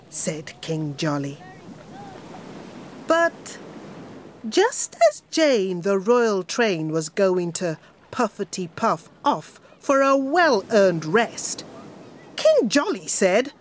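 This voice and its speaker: A woman reading a rhyme and a story aloud for young children, in an expressive, sing-song manner. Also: medium pitch, takes it slowly, slight background noise.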